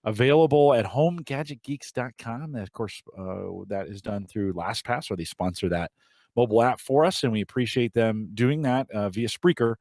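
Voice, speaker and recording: A man's voice: mid-range voice, normal speed, darkish tone, no echo. A man hosting a podcast in casual, rambling chat with frequent restarts. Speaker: podcast host.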